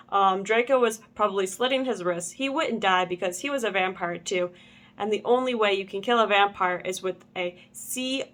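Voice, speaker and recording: A young woman reads a fan story aloud and breaks off for joking commentary. She giggles often, trips over words and rereads them, all at a middle pitch. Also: fairly bright tone. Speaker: channel host.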